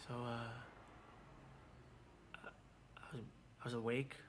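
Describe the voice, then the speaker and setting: A man telling a personal story in a documentary interview, halting and repeating his words as he goes. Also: medium pitch, little pitch movement, slight background noise. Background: music.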